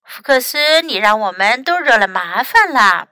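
A showy young girl fox from a storybook who grumbles and boasts, with a high, bright voice, as a woman puts her on. The sound is dry and close. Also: sing-song, moderate pace, dry recording. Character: young female fox friend, showing off.

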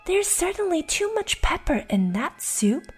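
Timid, well-mannered little girl, read by a woman, lively high voice, soft music behind. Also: measured pace, heavily acted. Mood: earnest. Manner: timid, polite, eager. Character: polite curious young girl.

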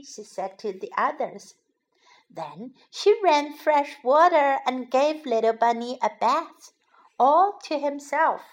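A woman narrating a children's story in a slow, lilting, expressive way. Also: sits high.

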